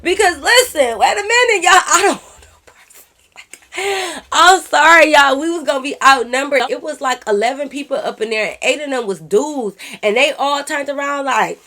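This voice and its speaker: A woman with a high voice tells a storytime straight to her viewers. She is animated and loose, swearing freely and calling her audience y'all. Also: a little fast, few pauses. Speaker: YouTube storyteller. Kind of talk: casual storytime vlog.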